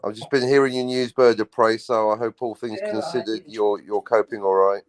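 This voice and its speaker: A man's voice: lowish voice, level tone, a little fast, a crowd in the background. An English man chatting casually as a guest on a morning stream, teasing and bantering. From England. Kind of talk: casual chat.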